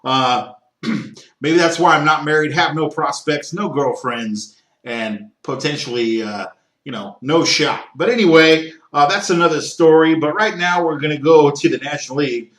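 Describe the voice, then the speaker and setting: A man hosting a solo sports talk podcast, opinionated and given to rants, with frequent fillers and throat-clearing. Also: fairly high pitch, normal speed, fairly bright tone, echoey room. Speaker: podcast host.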